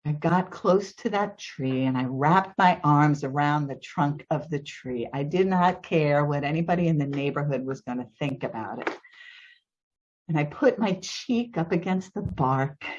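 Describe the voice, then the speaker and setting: Deep and somewhat dark in tone, a woman's voice recounts a personal story for an audience, vivid and full of emotion, rising sharply whenever tension builds. The sound comes through a video call and is a little dull.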